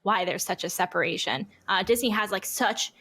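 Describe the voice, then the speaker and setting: A young woman guesting on a podcast, telling animated, casual stories, acting out what people said and swearing freely. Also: mid-range voice, normal speed, husky. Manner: animated storyteller who acts out quotes and swears freely. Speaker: guest streamer. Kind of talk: casual podcast interview chat.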